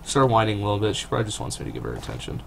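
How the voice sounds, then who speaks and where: A young man who hosts a gaming channel races through a rambling, self-deprecating let's-play commentary from his home computer, his fairly bright voice swinging widely in pitch with vocal fry. He uses a cheap desktop mic near the keyboard, so the recording is noisy and low-budget.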